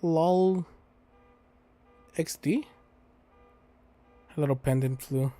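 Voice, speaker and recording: Reading a game's text aloud as a let's play host, this young man keeps cutting in with crude, joking remarks. His mid-range voice is mellow, slow, and full of pauses; there's no room sound, only faint game music behind him.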